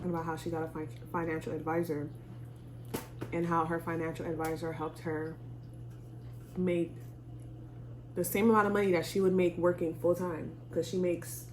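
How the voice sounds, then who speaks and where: A woman chatting casually with a friend while eating, relaxed and easy. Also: on the low side, moderate pace, long pauses, a little hiss or hum, poor audio. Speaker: friend in conversation. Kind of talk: casual chat over food.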